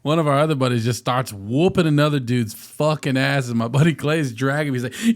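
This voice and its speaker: A man's voice: very animated, brisk, few pauses, fairly bright tone. A man co-hosting a casual podcast, laughing often and swearing freely as he tells stories. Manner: swearing, laughing, jumps high for quoted voices. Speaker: podcast co-host. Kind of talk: casual banter.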